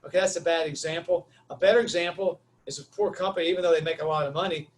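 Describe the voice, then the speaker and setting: A man's voice: fairly high pitch, fast. A man giving a webinar talk, telling stories animatedly and acting out the dialogue. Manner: lively, acts out quoted dialogue, Southern "y'all". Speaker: webinar speaker.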